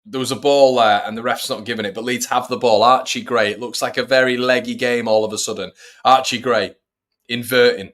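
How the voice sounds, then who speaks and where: A man's voice: mid-range voice, fairly even intonation, brisk, a bit bright. A man hosting a football fan watch-along, giving chatty live commentary and talking to his viewers. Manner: chatty, addresses viewers as everybody. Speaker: fan channel host.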